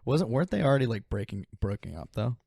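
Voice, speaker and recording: A man co-hosting a casual anime chat show who laughs often and trades lively, swearing banter. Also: medium pitch, fast, gravelly, slight background noise. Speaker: podcast co-host.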